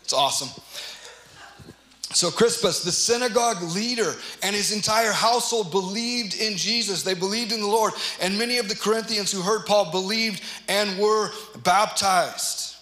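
Male pastor, high bright voice, earnest emphatic sermon, echoey church hall. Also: normal speed. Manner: earnest, emphatic, acts out quoted lines. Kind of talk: sermon teaching through scripture.

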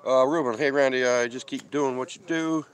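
A man with a medium-pitched, fairly even voice speaks at normal speed. He's hosting a van-life live stream from an outdoor desert camp, chatting loosely, rambling, reading viewer comments, and eating as he goes.

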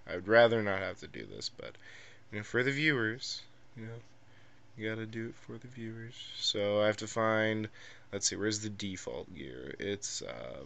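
A young man giving casual, rambling commentary over mobile gameplay footage, in a flat, monotone delivery full of ums and uhs. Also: fairly low pitch, vocal fry. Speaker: gameplay video creator.

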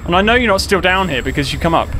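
A man streaming a horror game live, panicking, swearing and shouting at the game. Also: high voice, expressive, racing, a little hiss or hum.

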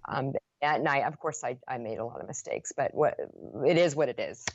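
A woman's voice: extremely low pitch, a little fast, no room sound, dull audio. A woman guest on a podcast, earnestly retelling a painful personal story with many restarts.

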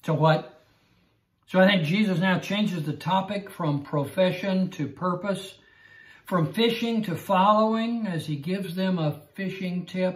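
A man's voice: high-pitched, a little slow. A man teaching a Bible lesson in an earnest way, often stammering and repeating himself. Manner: earnest, repetitive, stammering restarts. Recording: roomy echo.

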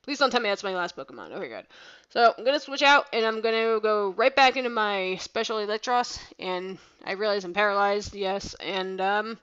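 A woman's voice: mid-range voice, lively intonation, fairly quick, a bit bright, clear, resonant tone, highs cut off. A woman giving casual gameplay commentary over her own battle, rambling and self-deprecating, with lots of "like" fillers.

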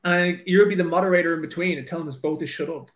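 A male fantasy author chatting casually on a livestream, excitable and rambling, swearing freely as he talks. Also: on the high side, fast, echoey room.

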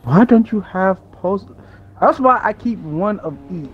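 A man chatting with his friend about a video game they are playing, relaxed and easygoing. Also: sits high, measured pace, phone-quality sound, faint music behind. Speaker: gaming friend. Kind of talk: casual gaming chat.

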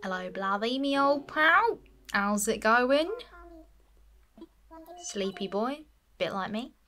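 A woman's voice: on the high side, animated, takes it slowly, pushed and bright. A woman giving playful, chatty commentary while playing a life-sim game. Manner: playful, chatty, fond of cute characters. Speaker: gameplay streamer. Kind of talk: casual gameplay commentary.

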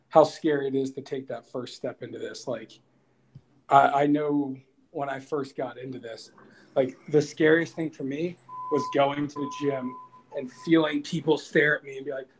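A man's voice: mid-range voice, rough recording. A man on a panel who speaks candidly, with frequent fillers and hesitations. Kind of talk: casual panel discussion.

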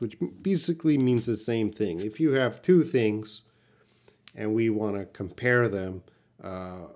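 A man teaching English on a live stream, slowly answering viewers' questions one by one. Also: medium pitch, a little mellow. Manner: slow, patient, reads out viewer questions. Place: classroom with a whiteboard.

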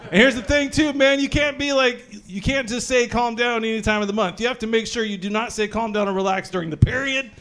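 A young man with a high voice performs crude stand-up at a brewery gig. He tells his stories with lively energy and acts out panicked voices in them. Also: brisk, few pauses. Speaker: stand-up comedian. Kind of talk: stand-up comedy set. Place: brewery comedy show.

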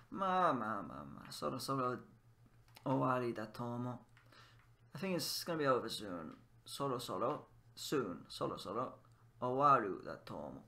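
A language teacher plays a game and chats casually, testing out Japanese phrases and explaining them in English as he goes. His voice is medium in pitch, bright and forceful. He muses aloud, moving back and forth between Japanese and English.

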